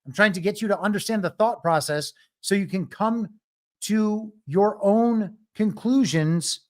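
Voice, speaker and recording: A man's voice: high voice, measured pace, darkish tone. Wry, argumentative male political streamer. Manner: wry, argumentative, laughs at own jokes. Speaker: political commentary host. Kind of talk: live solo commentary stream.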